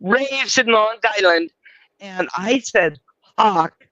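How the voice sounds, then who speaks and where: High, bright-voiced man telling rambling stories. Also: a little slow, highs cut off. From California. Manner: rambling storyteller, swears freely. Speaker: host. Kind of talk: casual live-stream chat.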